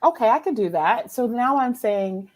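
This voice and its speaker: Woman host, casual livestream chat, animated storyteller, laughs a lot, pitch swings widely. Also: normal speed.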